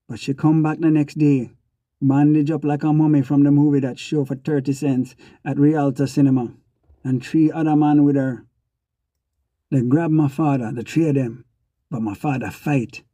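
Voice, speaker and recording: A man's voice: on the high side, warm tone, dry recording. A man narrating an audiobook in first person, with a rhythmic, repeating delivery. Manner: rhythmic, repeating sound words.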